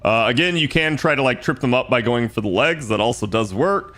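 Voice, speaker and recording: Bright-voiced man narrating his gameplay. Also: mid-range voice, a little fast. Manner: relaxed, explains his moves aloud, swears casually. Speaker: streamer playing a strategy game. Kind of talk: casual gameplay commentary.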